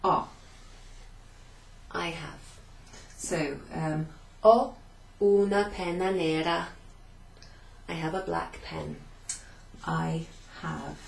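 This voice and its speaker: With a deep voice full of vocal fry, she draws out her words, pauses often, and keeps her intonation lively while patiently recapping a beginner Italian class and repeating phrases. She writes on a whiteboard as she talks, sometimes turning away, in an echoey room over a faint hum.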